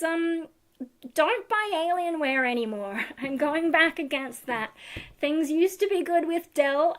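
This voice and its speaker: A woman from Australia with an Australian accent, chatting casually on a livestream with lots of fillers and giggles. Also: high voice. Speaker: livestream host. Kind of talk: casual live chat answering viewers. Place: home room.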